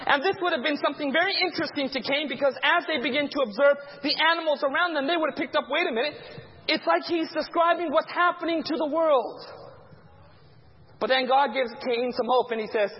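A man with a very high voice leads an interactive Bible teaching and keeps pausing for listeners to fill in the blanks. His voice carries a long hall reverb, and the recording sounds dull and muffled. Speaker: pastor teaching a Bible class.

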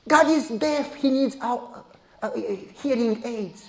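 A very high-pitched man preaches at a measured pace, shifting from loud exclamations to hushed asides. He dramatizes his stories by acting out the voices of the people in them.

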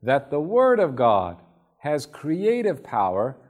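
Male preacher, relaxed storytelling sermon delivery, acts out scenes. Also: fairly high pitch, slow. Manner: conversational, acts out Bible scenes.

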